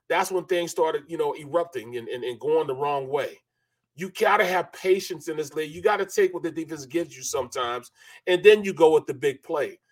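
A middle-aged man hosting a sports talk show, speaking in a loose, rambling way with lots of "you know" and restarts. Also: on the high side. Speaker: sports radio host.

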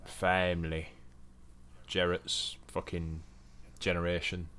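Deep-voiced man, dry quips. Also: completely flat delivery, slow pace, a bit bright. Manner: dry, brief remarks, swearing. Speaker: podcast co-host. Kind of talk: casual chat.

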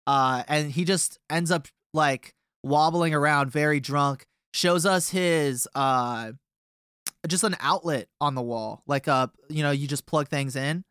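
A man's voice: fairly high pitch, a little slow, fairly bright tone, smooth, no room sound, clean studio sound. A young man from a touring band telling a long tour story in a casual, rambling way with many fillers.

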